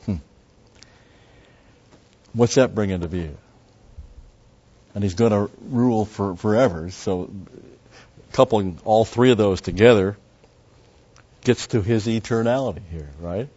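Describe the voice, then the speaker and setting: A man's voice: lowish voice, measured pace, pauses often, mellow, breathy edge. A man teaching through a Bible passage verse by verse, in a conversational way that explains each word and adds asides. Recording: dull lo-fi sound.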